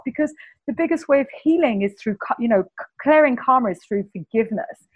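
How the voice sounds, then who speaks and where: A woman with a Cockney English accent, speaking as a guest healer in an enthusiastic, animated spiritual conversation. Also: fairly high pitch, brisk, muffled recording. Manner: animated, enthusiastic storyteller, repeats words.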